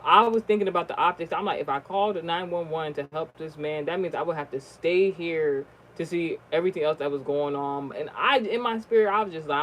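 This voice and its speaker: A vlogger telling a personal story in a casual, rambling way, swearing often and restarting sentences, with the voice jumping high and loud at the shocking moments. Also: a little fast, few pauses, a little hiss or hum, poor audio. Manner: rambling, profane, many fillers and restarts.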